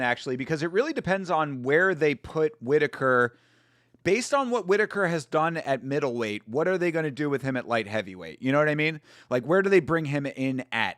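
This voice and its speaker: A man's voice: medium pitch, fairly bright tone, no echo, studio quality. A man hosting a fight watch-along livestream, chatting casually and rambling with restarts and the odd swear.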